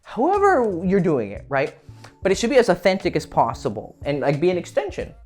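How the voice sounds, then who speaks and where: Animated man giving frank dating advice. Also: fairly high pitch, fairly quick, faint music behind. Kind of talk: casual monologue.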